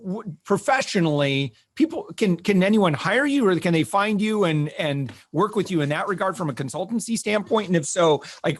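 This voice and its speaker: A male podcast host with a somewhat high voice and a dry, close recording. He hesitates and restarts a lot as he works out his questions, and he laughs easily. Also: no echo. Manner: hesitant, many fillers and restarts, quick to laugh. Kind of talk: casual interview.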